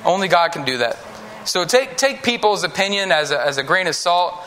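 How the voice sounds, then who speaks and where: High, bright-voiced man preaching to kids. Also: animated, a little fast. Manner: conversational, acts out Bible characters in voices. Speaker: preacher teaching children. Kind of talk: children's sermon.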